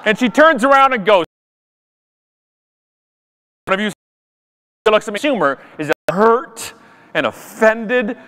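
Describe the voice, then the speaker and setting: A man giving an animated, self-deprecating comic talk at a conference. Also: high voice, takes it slowly, pauses often, smooth, in a large hall. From Canada. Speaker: conference speaker. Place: conference stage.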